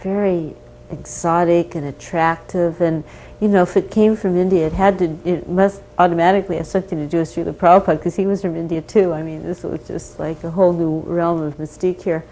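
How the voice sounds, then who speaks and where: Woman, fairly low voice, warm mellow tone, chatty reminiscing, lots of fillers. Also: fairly even intonation, brisk, slight background noise, rough recording. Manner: chatty, many fillers like "you know" and "like". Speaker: interviewee recalling memories. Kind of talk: casual storytelling.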